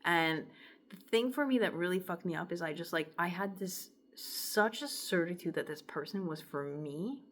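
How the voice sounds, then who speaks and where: A woman's voice: fairly low pitch, animated, normal speed, slight background noise. Chatty woman with an itchy throat. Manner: rambling and chatty, heavy use of "like", softening into murmurs when emotional. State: throat itching. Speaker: songwriter sharing her lyrics. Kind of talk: casual talk to camera, reading lyrics aloud.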